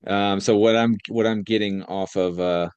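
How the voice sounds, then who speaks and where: Young male podcast co-host, deep voice, dry close sound, loose jokey rambling. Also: fairly even intonation, moderate pace, a little mellow, clear, resonant tone, no echo, lo-fi sound. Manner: joking, rambling, laughs often. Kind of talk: casual chat.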